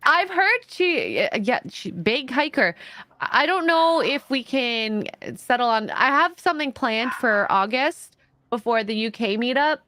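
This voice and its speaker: A woman's voice: fairly high pitch, animated, unhurried, sharp tone. A woman from Canada hosting a casual live stream chat, talking in a chatty way with frequent laughs and fillers.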